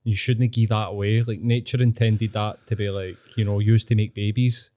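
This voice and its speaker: A man's voice: fairly low pitch, flat delivery, normal speed, dark tone, no room sound. A man with a Scottish accent hosting a podcast, joking and laughing through crude banter. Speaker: podcast host. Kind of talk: casual chat.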